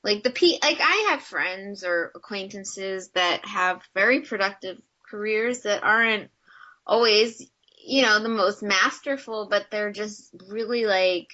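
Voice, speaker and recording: A woman's voice: mid-range voice, a little slow, sharp tone. A young American woman, an actress, chatting casually and upbeat on a video call, full of fillers. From United States. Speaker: actress and guest. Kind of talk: casual interview chat. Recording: slightly muffled video-call audio.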